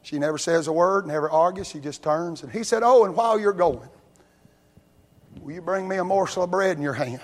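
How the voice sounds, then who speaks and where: A man preaching a sermon, telling Bible stories in a folksy way and rising to loud, shouted peaks. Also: high voice, expressive, fairly quick. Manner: builds from quiet storytelling to loud shouting.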